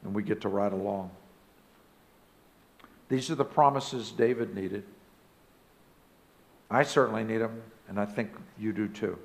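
A man preaching a sermon as pastor of a church. He speaks emphatically and rises now and then to loud exclamations. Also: on the low side, measured pace, vocal fry, pauses often. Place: church sanctuary.

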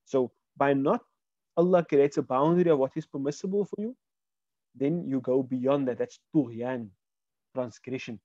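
A man's voice: mid-range voice, moderate pace, dark tone, dry recording, highs cut off. A man teaching a Quran Arabic lesson online, explaining word by word and asking his students questions. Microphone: video call.

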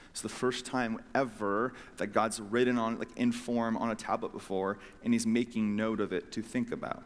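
A male pastor preaching in a church, his mid-pitched voice carrying a long hall reverb. He tells the story casually and with animation, slipping into quick, playful voices for the people in it. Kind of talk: sermon. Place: church sanctuary.

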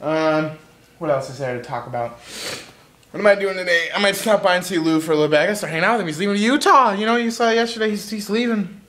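A man's voice: high-pitched, fast, fairly bright tone. Goofy rambling young man vlogging. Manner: rambling, goofy, jumps between topics while eating. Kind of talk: casual vlog chat. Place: at home.

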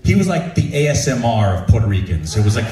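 A man telling a comic story to a live audience, animated and self-deprecating, laughing as he goes. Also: medium pitch, fast talker, echoey room, far from the mic. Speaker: stand-up storyteller, show host. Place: shipboard show venue.

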